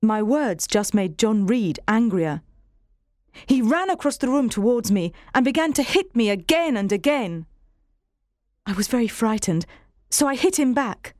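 A woman reading a storybook aloud in a steady, clear first-person voice. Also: a little high, measured pace, dry recording, studio quality. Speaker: narrator. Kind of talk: scripted storybook narration.

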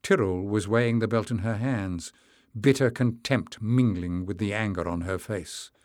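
A man's voice: on the low side, moderate pace, darkish tone, no room sound, clean studio sound. Man narrating a fantasy audiobook. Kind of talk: scripted narration.

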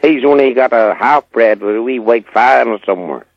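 A man's voice: medium pitch, normal speed, muffled recording. An older man, a rural guest on a radio show, rambling about animals in a folksy, confident way. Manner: rambling, folksy, sure of himself. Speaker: rural guest answering listener questions. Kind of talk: casual radio chat.

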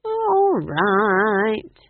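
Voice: medium pitch, very animated, breathy edge, no echo, phone-quality sound, voice pushed up, heavily acted. A narrator doing a folksy old witch. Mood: relenting. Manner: folksy, gossipy, drawn-out speech. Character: chatty earthy old female witch.

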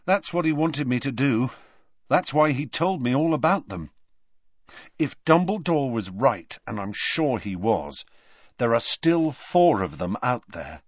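Guy playing a quiet grim teen boy, low and steady, lots of feeling in it, dull dry audiobook sound. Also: a little slow, slightly rough, no echo. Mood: determined. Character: determined, grieving teenage boy, resolute.

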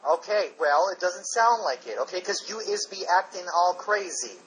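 A man's voice: high voice, lively intonation, normal speed, fairly bright tone, breathy edge. A man making a prank phone call, talking in a mock-formal, baiting and condescending way. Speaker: prank caller.

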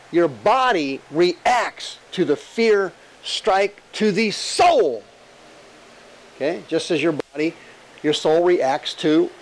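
A male pastor preaching an animated, emphatic sermon full of rhetorical questions and jokes. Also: sits high, poor audio.

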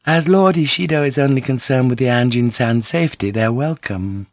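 A man reading a composed, proud young noblewoman who speaks gently and politely. The delivery is quietly confident. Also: medium pitch, moderate pace, no echo, muffled recording, pitched above the performer's own voice, close to an everyday voice.

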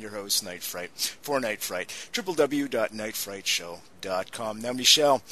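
Male radio host, bright sharp voice, enthusiastic, addresses listeners. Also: mid-range voice, rough recording. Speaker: radio talk show host. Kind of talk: radio interview hosting.

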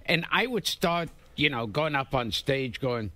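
High, animated man telling a story. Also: a little slow. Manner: animated, sing-song storytelling. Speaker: stand-up comic. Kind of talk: interview storytelling.

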